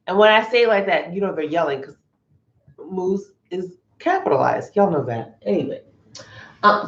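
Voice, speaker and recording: A woman co-hosting a casual chat podcast, animated and jokey, swearing freely. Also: lowish voice, moderate pace. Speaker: podcast co-host. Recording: roomy, dull lo-fi sound.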